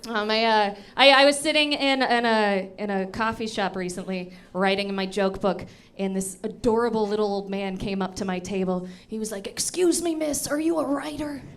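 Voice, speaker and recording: A woman's voice: mid-range voice, steady tone, normal speed, fairly bright tone, smooth. A woman in her thirties doing a stand-up comedy set in a comedy club, telling self-mocking stories playfully into a handheld mic. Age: 30s.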